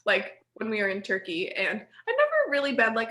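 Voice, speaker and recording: A woman in her thirties telling stories in a rambling, animated casual chat, laughing often. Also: mid-range voice, moderate pace, hardly any pauses. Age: 30s. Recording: echoey room.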